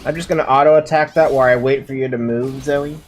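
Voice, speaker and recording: A man's voice: mid-range voice, steady tone, fast, faint music behind. A young man streaming a game from home, chatting casually with playful, giggly, melodramatic complaints.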